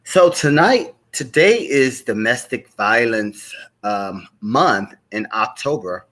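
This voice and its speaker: Chatty guy hosting a live stream, bright voice, keeps welcoming folks in. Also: mid-range voice, lively intonation, slow. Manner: chatty, greets viewers by name, repeats himself. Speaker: host of a live stream show. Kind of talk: casual live stream chat.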